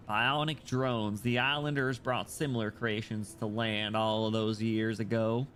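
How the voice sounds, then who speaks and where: Excitable man streaming a story game. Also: on the low side, measured pace, hardly any pauses, slight background noise. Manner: excitable, swearing, jokey reactions. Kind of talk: casual game stream, reading the story aloud.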